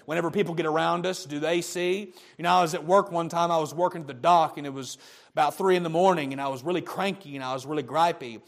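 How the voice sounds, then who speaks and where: Emphatic male preacher, slightly high voice. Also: quick pace, gravelly. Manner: emphatic, repetitive, restarts phrases. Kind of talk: sermon.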